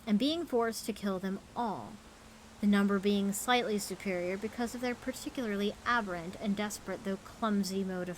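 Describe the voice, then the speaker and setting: A woman's voice: medium pitch, slight background noise, close to an everyday voice, poor audio. A woman voicing a news reporter, reading out a newspaper clipping in a formal newsreader manner.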